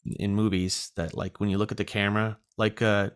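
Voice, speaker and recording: Low-voiced nasal man telling a rambling story. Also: level tone, a little fast, smooth. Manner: rambling storyteller with fillers and self-deprecating asides. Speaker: podcast co-host. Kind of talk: casual chat.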